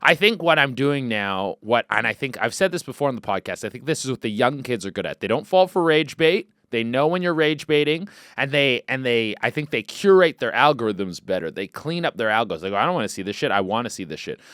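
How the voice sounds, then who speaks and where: Excitable, rambling male podcast host. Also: medium pitch, a little fast, few pauses, clear, resonant tone, no room sound, clean studio sound. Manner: rambling and profane, swings loud with excited outbursts. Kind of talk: casual comedic podcast chat.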